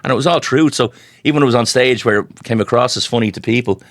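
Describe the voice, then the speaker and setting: A man's voice: medium pitch, fast, fairly bright tone, dry recording, clean studio sound. A middle-aged Irish man, a guest comedian, telling rambling anecdotes in casual chat, full of restarts and "you know". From Ireland. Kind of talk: casual storytelling.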